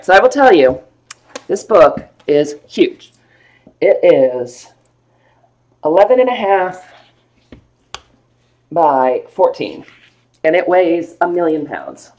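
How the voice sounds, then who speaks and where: A woman with a lowish, darkish-toned voice runs a live stream selling vintage books. She keeps things light and playful, chatting casually and enthusing over each one.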